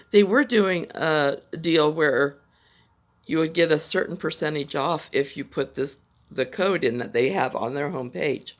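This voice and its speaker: A woman's voice: deep voice, animated, unhurried, a bit bright. An older woman from Ohio, USA, hosting a knitting podcast from home in a chatty, rambling way, full of personal asides. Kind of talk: casual chat.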